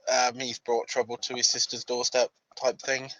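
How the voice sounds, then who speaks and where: A man's voice: mid-range voice, completely flat delivery, normal speed, fairly bright tone, dry recording, poor audio. A man playing a tabletop game, speaking hesitantly with many fillers. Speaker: player. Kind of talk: casual tabletop play.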